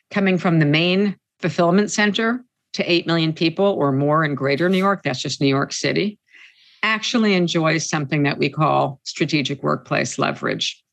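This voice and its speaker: A woman labor organizer answering interview questions in an emphatic, insistent way. She repeats her key points and slows down sharply to stress them. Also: sits low, gravelly.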